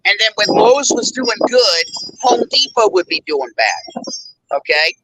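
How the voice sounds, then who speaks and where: A man's voice: sits high, sing-song, unhurried, pushed and bright, a little hiss or hum, rough recording. A male host telling a rambling, indignant story in a casual chat, full of fillers. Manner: blunt and indignant. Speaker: show host.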